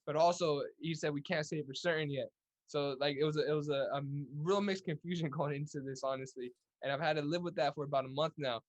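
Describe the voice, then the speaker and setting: A man's voice: fairly high pitch, steady tone, fast talker. A young man from California's Central Valley, a guest telling stories in a casual interview, upbeat with many restarts. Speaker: guest, Olympic boxer.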